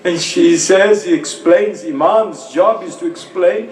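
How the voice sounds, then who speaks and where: A man's voice: sits high, measured pace, darkish tone, reverberant, slight background noise, poor audio. A man delivering an emotional mourning sermon, recounting with grief and crying out in sorrow. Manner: grief-laden recitation, cries out names. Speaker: speaker at a mourning gathering. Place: mosque hall.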